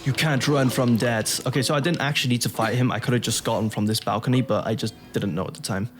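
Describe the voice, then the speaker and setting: A man's voice: mid-range voice, fast, few pauses. A man giving casual commentary on his own gameplay, thinking aloud and chuckling to himself. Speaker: gaming YouTuber.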